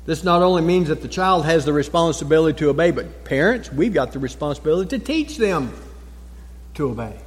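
A man preaching a sermon as a pastor. He is emphatic, repeats key phrases and pauses for effect. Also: on the high side, animated. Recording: long church reverb.

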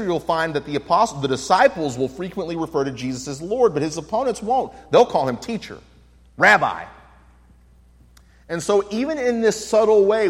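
A man's voice: on the high side, slightly rough. Man teaching Bible study in a reverberant room. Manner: earnest, explanatory, reads scripture aloud. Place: room with a projection screen.

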